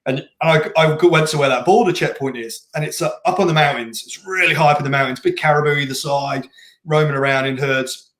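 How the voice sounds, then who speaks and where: A man's voice: fairly high pitch, brisk, fairly bright tone. Interview guest, male race director, rambling storyteller, echoey room. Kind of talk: casual interview chat. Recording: roomy echoing room.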